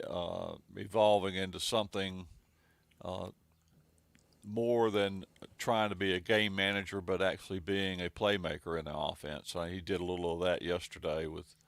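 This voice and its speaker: A man with a very low voice breaks down a college football game in a measured, rambling way, pausing often on uhs. His voice sounds dry and close to the mic. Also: fairly bright tone, no room sound. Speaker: sports analyst and columnist. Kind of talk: sports talk show.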